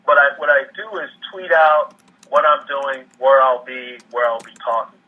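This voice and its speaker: A man's voice: mid-range voice, steady tone, moderate pace. A man speaking as a guest economic commentator in a casual interview, often repeating and restarting his words. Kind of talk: casual interview over a call. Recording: muffled phone-line audio.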